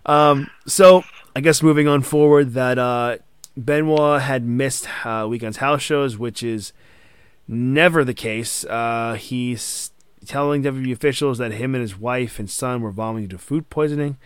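A man's voice: medium pitch, unhurried, clear, resonant tone, no room sound. A man hosting a casual podcast chat, recounting wrestling history partly from notes. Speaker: podcast host.

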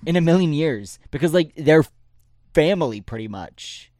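A man's voice: fairly high pitch, lively intonation, moderate pace, darkish tone, dry recording, clean studio sound. A young man in his twenties co-hosting a podcast, talking in a blunt, profane, laid-back way. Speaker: podcast co-host. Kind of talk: casual chat.

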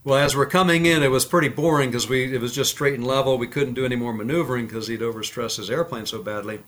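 A former fighter pilot tells stories in a casual interview, talking fast in a medium-pitched voice. He's animated and performs the voices of the people he quotes.

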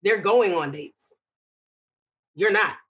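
A woman's voice: mid-range voice, slow pace, fairly bright tone, rough recording. A woman co-hosting a podcast, ranting bluntly in casual slangy chat. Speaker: podcast co-host.

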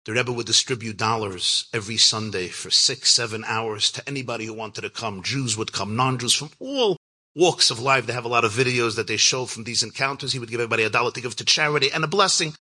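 A man, a rabbi, telling a personal story in an earnest, reflective way, with lively shifts when he acts out quoted lines. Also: fast talker, husky. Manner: animated, acts out quoted lines with big pitch jumps. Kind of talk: storytelling talk.

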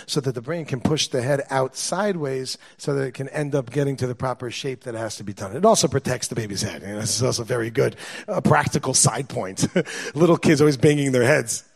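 A man, a father of young children, telling a personal story in an animated way, repeating words and acting out what others said. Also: mid-range voice. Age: adult, father of young children. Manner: lively, acts out quoted dialogue, repeats words when excited.

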